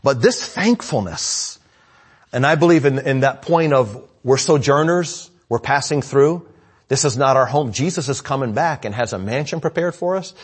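Husky-voiced male preacher. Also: medium pitch, lively intonation, moderate pace. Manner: conversational preaching with sudden swings between loud and hushed; asks the congregation questions and calls for amen. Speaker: pastor. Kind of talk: sermon.

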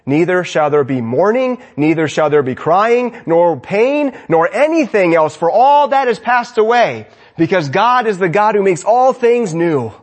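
A man preaching a sermon with fervent energy, swinging between loud exclamations and hushed lines. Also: high-pitched, sing-song, a little slow, hardly any pauses.

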